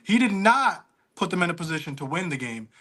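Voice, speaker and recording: A man's voice: high voice, big pitch swings, brisk, pushed and bright. A man on a casual sports panel over a video call, making blunt, provocative takes.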